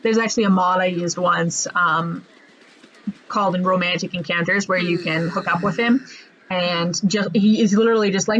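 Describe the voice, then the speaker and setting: Chatting and joking about the game as she plays, this woman laughs often during her let's play commentary. She speaks at a moderate pace in a fairly low, steady voice, with slight background noise on a slightly muffled lo-fi recording.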